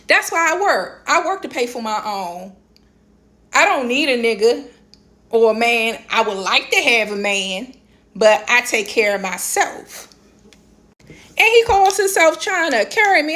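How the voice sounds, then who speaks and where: Animated D.C. woman telling a story. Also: normal speed. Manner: animated and emphatic, voice leaps high when exasperated; blunt, slangy, repeats "this, that, and the third". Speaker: vlogger. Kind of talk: casual storytelling rant.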